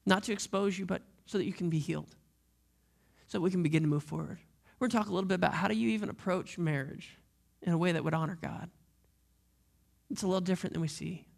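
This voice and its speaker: Earnest gravelly-voiced pastor preaching. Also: male voice, sits high, fast. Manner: earnest, direct appeals to the listeners. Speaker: lead pastor. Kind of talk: sermon.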